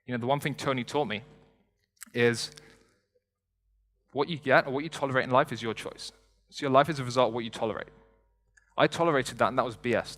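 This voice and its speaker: A young man giving an energetic motivational talk from a stage, conversational and joking with the audience. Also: medium pitch. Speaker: motivational speaker. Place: stage before a live audience in a large hall. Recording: long hall reverb.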